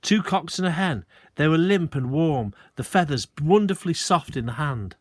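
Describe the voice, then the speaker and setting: A male teacher reading a children's book aloud, expressive, with short asides to the listeners. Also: on the high side, normal speed.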